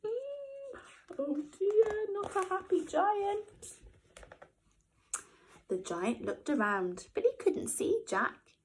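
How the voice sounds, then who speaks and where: A woman, a nursery teacher, reading a storybook to young children expressively, with gasps and hushed whispers. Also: very high-pitched, very animated, drawn-out words, pauses often, low-quality recording.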